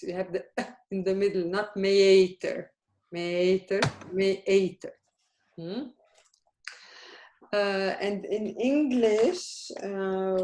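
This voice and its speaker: A woman teaching a beginners' language class, speaking slowly and carefully. She keeps checking in with her students, and the room around her rings with echo. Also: medium pitch. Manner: patient, questioning, checks understanding often. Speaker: Arabic teacher. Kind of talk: live beginner language lesson. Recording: echoey room.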